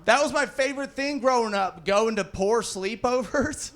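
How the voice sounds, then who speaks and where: This thirtysomething comedian has an extremely high, slightly bright voice and a moderate pace. Performing casually at a comedy club for a live audience, he curses liberally and voices the characters in his anecdotes.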